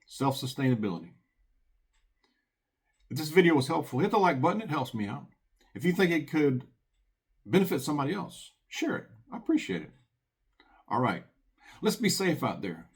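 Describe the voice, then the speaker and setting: A man's voice: fairly high pitch, very animated, moderate pace, long pauses. A man hosting a prepping channel, giving earnest, folksy commentary and reading scripture aloud.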